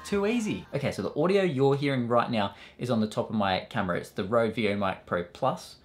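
Young Aussie streamer, casual and stoked, mid pitch, faint music under. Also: male voice, brisk. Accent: Australian. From Australia. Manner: excited, casual, swears freely. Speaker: Twitch streamer. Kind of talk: casual gear review vlog. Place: home streaming room. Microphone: studio dynamic mic.

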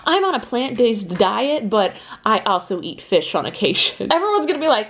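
A young woman vlogging casually to camera, ranting in a chatty, exasperated way with quick restarts. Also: on the high side, sing-song, soft background music. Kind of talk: casual vlog rant to camera.

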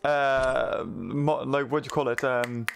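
A man giving chatty, excitable let's-play commentary from his desk, laughing often into a microphone through a mixer. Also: medium pitch, takes it slowly, creaky, smooth. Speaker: gaming video creator. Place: home desk setup.

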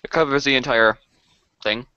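A man's voice: mid-range voice, steady tone, moderate pace, sharp tone, muffled recording, slight background noise. A man with a Texan accent chatting casually with a friend while playing a game over a voice call, laid-back and mumbling. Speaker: co-player.

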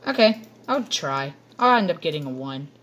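A woman's voice: deep voice, big pitch swings, moderate pace, a bit bright. A woman giving playful, rambling commentary over gameplay to her viewers on a computer microphone. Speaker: gaming channel host.

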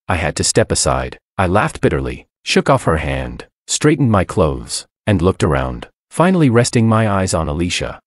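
A man's voice: low-pitched, no echo, studio quality. A man narrating a scripted first-person story in a somber, bitter tone.

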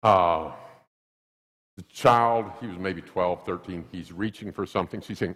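A male pastor preaching a sermon in a church, emphatic and animated, acting out little scenes. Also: sits low, moderate pace, long reverb tail. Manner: animated, acts out quotes, emphatic repetition. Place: church sanctuary.

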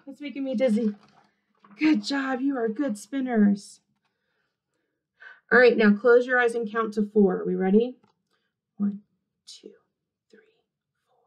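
A woman kindergarten teacher with a fairly high voice leads little children through a movement storybook. She talks in an animated, sing-song way, cheering them on after every action. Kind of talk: interactive read-aloud for young children.

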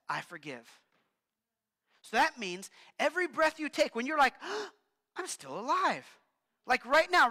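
Man preaching, high bright voice, casual and animated, long hall reverb. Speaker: pastor. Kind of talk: sermon. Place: church hall.

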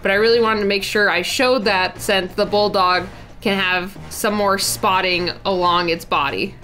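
A woman's voice: medium pitch, steady tone, normal speed, bright, forceful tone, low-quality recording. A young woman host chatting casually over a recap of her drawing, bubbly and full of filler words. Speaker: artist and channel host.

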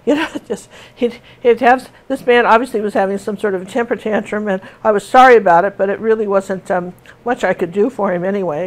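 A middle-aged woman teaching painting in a casual, rambling, chatty way with many fillers and restarts. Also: medium pitch. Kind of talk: casual tutorial chat while painting.

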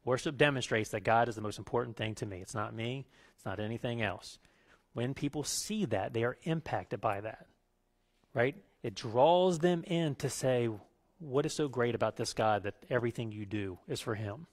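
A man's voice: medium pitch, normal speed. Conversational male pastor preaching. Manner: conversational and storytelling, rising into animated rants. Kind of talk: sermon.

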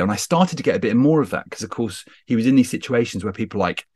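A man guesting on a podcast, talking animatedly and poking fun at himself, with lots of quick restarts. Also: medium pitch, dry recording, clean studio sound. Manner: animated, self-deprecating, full of quick restarts. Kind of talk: casual chat. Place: video call.

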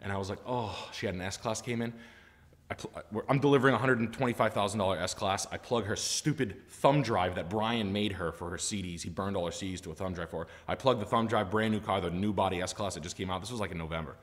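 A man telling a story in a casual, animated and rambling way, with lots of fillers and swearing. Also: low-pitched, fast. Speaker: storyteller recounting his car sales job. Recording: roomy reverb.

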